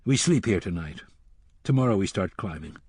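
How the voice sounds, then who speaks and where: A man voicing a gruff, weary gunslinger in an audiobook, speaking in terse, clipped lines. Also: deep voice, lively intonation, normal speed, a little mellow, no room sound, clean studio sound.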